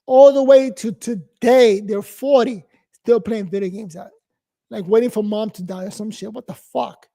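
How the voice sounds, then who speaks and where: A man's voice: high voice, fairly even intonation, moderate pace, gravelly, mellow. A man in his forties from New York, giving a blunt, profane, rambling casual monologue as host.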